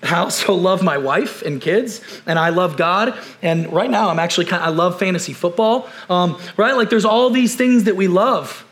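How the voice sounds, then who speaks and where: A man preaching a conversational sermon, repeating key phrases and firing off rhetorical questions, then dropping to quiet, slow emphasis. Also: high voice. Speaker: pastor.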